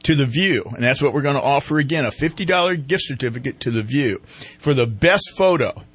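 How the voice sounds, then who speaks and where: A man's voice: mid-range voice, lively intonation, a little fast, fairly bright tone, slightly rough. A man hosting a casual morning radio show, rambling and poking fun at himself. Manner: rambling, self-mocking, lots of fillers. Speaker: radio host.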